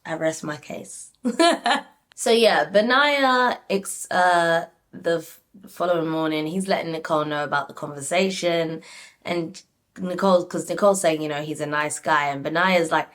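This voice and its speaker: Woman, young adult, casual recap, lower pitch, animated. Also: moderate pace. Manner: animated, frequent "like", addresses viewers. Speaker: reality TV recap YouTuber. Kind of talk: casual chatty review.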